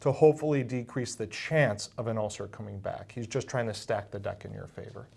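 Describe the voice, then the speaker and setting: A middle-aged male surgeon giving calm, patient medical explanations in an interview. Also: fairly low pitch, a little fast, gravelly, breathy edge. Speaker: bariatric surgeon.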